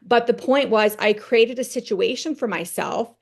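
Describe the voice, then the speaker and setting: A woman's voice: on the high side, moderate pace. Chatty woman giving a motivational training. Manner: conversational, tags points with "right?"; tells personal stories to make points. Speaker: team trainer.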